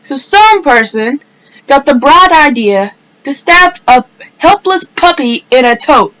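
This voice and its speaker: A woman's voice: high-pitched, animated, slow pace, fairly bright tone, poor audio. A woman telling a personal story in a casual vlog, rambling and filling her speech with "like". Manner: rambling, filler-heavy storytelling with many "like"s. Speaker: vlogger.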